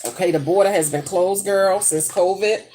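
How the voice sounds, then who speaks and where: Warm and mid-range, this middle-aged American vlogger's voice moves at a normal speed over slight background noise. She cooks in her home kitchen while chatting casually, brash and foul-mouthed as she dishes out gossipy stories.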